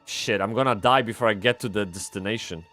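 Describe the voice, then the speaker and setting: A man streaming a game live, rambling and swearing as he swings from excited yelling to low muttering. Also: fairly quick, soft background music. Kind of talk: live gameplay commentary.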